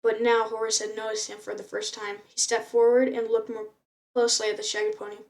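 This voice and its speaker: Woman, amateur read-aloud of a novel, frequent stumbles and restarts, somewhat high voice. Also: level tone, fairly quick, a little mellow, far from the mic. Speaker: reader.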